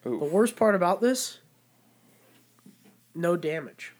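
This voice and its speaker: A man's voice: high-pitched, takes it slowly. A young man, a podcast co-host, telling stories in casual, profane chat. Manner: profane, animated storyteller.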